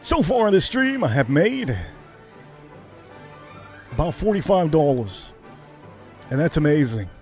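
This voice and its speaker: Male livestream host, high animated delivery, repeats himself, hypes the chat. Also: unhurried, pauses often, soft background music. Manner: hyped, repetitive, shouts catchphrases.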